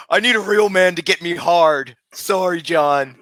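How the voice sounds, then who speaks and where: Male streamer, high bright voice, brash and foul-mouthed, dry close mic. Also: slow pace, pauses often, no echo. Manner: loud, profane, berating. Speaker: live streamer. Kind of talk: casual live stream chat.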